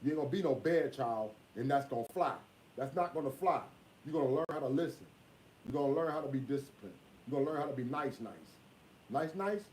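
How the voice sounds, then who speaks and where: A father talking casually in a vlog, repeating himself and scolding in a drawn-out way. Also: mid-range voice, darkish tone, slight background noise.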